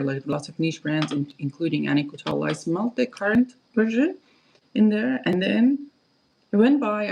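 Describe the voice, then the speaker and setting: A woman's voice: low-pitched, gravelly, darkish tone, poor audio. A woman hosting a casual perfume livestream, rambling and chatty with lots of fillers and restarts. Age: adult, parent of kids.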